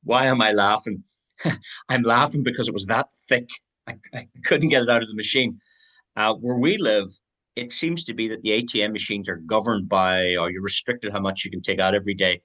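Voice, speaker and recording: A man's voice: on the low side, a little fast, pushed and bright. A man giving an online sales presentation, upbeat and persuasive, talking straight to his viewers and chuckling as he tells stories.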